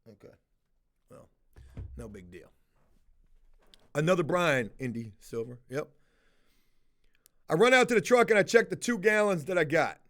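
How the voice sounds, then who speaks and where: A middle-aged man telling a rambling, profanity-laced story to his livestream viewers, stopping often to answer their comments. His voice sits high for a man. His delivery is loose and conversational. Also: lively intonation, normal speed, long pauses, fairly bright tone. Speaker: house-flipping livestreamer. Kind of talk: casual livestream chat.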